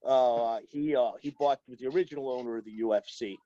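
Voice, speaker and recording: A man's voice: medium pitch, fairly quick, warm tone, no room sound. A man chatting as a podcast guest, rambling with many fillers and restarts. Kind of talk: casual chat, storytelling. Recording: dull lo-fi dry audio.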